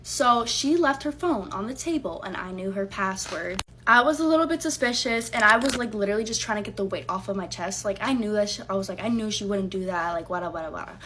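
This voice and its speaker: A woman's voice: mid-range voice, animated, quick pace, hardly any pauses, sharp tone, a little hiss or hum. A young adult woman telling a casual storytime, heated and profane, acting out what she said back then. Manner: heated, profane and emphatic, acting out her own lines.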